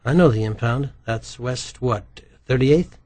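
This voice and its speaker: A man's voice: medium pitch, a little slow, darkish tone, lightly acted. A man voicing a female police detective who talks in a clipped, dry way in an audiobook. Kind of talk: audiobook character voice.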